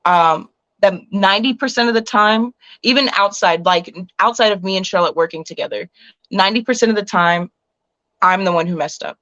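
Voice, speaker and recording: A woman's voice: medium pitch, fairly quick, bright, forceful tone, no echo, rough recording. A woman in her twenties, a pro wrestler, chatting bluntly in an interview and sounding tired. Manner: blunt, laughing, admits a temper. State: tired, yawning. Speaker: professional wrestler, guest. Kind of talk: casual interview chat.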